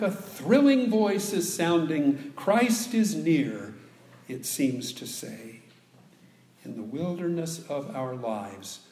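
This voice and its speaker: A man preaching a sermon as pastor, speaking slowly and deliberately and leaning hard on key words. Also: medium pitch, dark tone, slight background noise. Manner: slow, deliberate preaching with dramatic emphasis. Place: church sanctuary. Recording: echoey church room, faint ambience.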